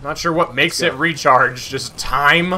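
A man's voice: fairly high pitch, a little slow, bright, forceful tone. A man giving casual gameplay commentary, exasperated and swearing as he rants at the game. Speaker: gaming streamer.

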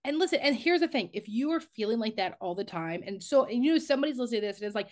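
A woman's voice: fairly high pitch, animated, rapid-fire, darkish tone. A woman therapist co-hosting a podcast, talking frankly with casual swearing and lots of "like". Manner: candid and blunt, swears casually, many "like" fillers.

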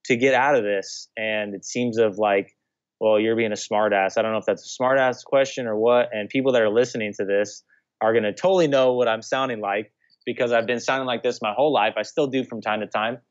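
A man's voice: fairly low pitch, fairly even intonation, fairly quick, no room sound, highs cut off. A young adult man, a guest on a talk show, telling a story in a casual, rambling way full of restarts and "you know". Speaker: guest, former pro baseball player. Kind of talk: casual conversational interview.

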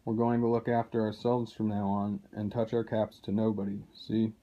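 A man reading aloud, voicing a surly, sneering male dwarf who distrusts everyone, drawling slowly. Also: on the low side, flat delivery, mellow, highs cut off, lightly acted.

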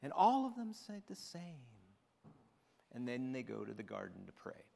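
A man, a pastor, preaching a sermon and retelling scripture with expressive storytelling. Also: mid-range voice, moderate pace, gravelly, long reverb tail. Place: church sanctuary.

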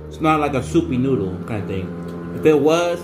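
A man's voice: mid-range voice, lively intonation, normal speed, roomy sound, background noise. A man talking casually as he reviews noodles for his vlog, rambling and restarting his sentences often. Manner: rambling, repeats himself with many restarts and fillers. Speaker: vlogger.

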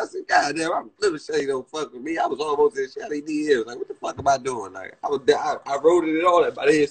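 This fast talker barely pauses, his voice slightly rough, as the young DC-area man rambles to phone livestream viewers. Excitable and profane, he leaps into high-pitched, yelped quotations.

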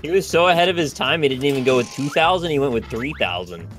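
A man's voice: medium pitch, expressive, fast talker, fairly bright tone, faint music behind. A man chatting dryly with friends on a game stream, telling a short story. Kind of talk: casual banter while playing a party game.

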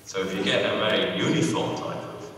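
A low-voiced man giving an academic lecture in a large hall, his tone bright and forceful. He talks hesitantly, with frequent fillers and restarts. He is picked up from a distance, with a long, roomy reverb. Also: a little fast, a little hiss or hum. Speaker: lecturer on dialects. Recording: echoey hall, distant mic.

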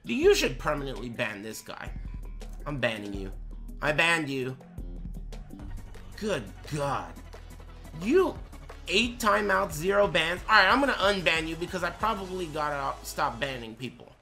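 Male streamer, 20s, profane mock-angry chat banter, lively pitch, clear game music behind. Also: normal speed. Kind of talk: live gaming stream chat.

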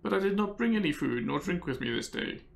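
A man's voice: high voice, lively intonation, quick pace, creaky, voice pushed up. A man voicing a proud, fearful young male novice monk with a strained, raised voice. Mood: haughty.

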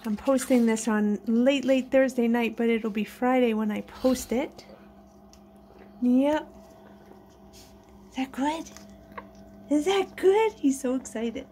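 Her voice is on the high side, warm and steady, slow and full of pauses, with a little hiss or hum present. A pet vlogger at home at night, she talks to her pets in a sing-song baby voice and casually chats with viewers.

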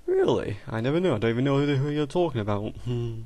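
A man's voice: medium pitch, lively intonation, quick pace, mellow, dry recording. Man commentating a game on a headset. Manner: exasperated, talks to the game characters, mild swearing. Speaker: gamer doing a let's play. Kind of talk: casual gameplay commentary.

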